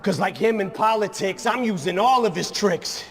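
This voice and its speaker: Male rapper, high-pitched, defiant and rhythmic, recorded with a big echoing reverb. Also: moderate pace. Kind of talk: rap verse. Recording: long hall reverb.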